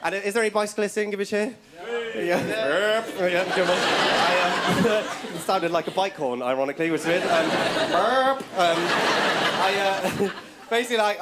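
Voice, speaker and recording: A young man performing a stand-up set in a comedy club, telling stories in an excitable, rambling way and tagging lines with "right?". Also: high voice, moderate pace. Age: young adult. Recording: loud live crowd and club noise.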